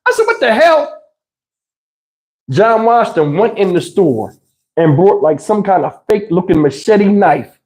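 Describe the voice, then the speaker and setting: A man's voice: sits high, normal speed. A man hosting a livestream, telling a childhood story in casual slangy talk and acting out the voices, on a lapel mic. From New Jersey. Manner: animated, slangy, acts out voices. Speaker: host. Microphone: wireless lapel.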